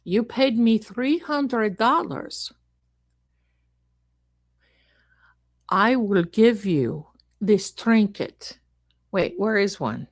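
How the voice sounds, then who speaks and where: In a comic improvised role-play, a woman voices a greedy fortune teller running a scam, using wheedling sales patter, broken grammar and a haggling mood. Her mid-range voice is animated and slow, and the recording is dry.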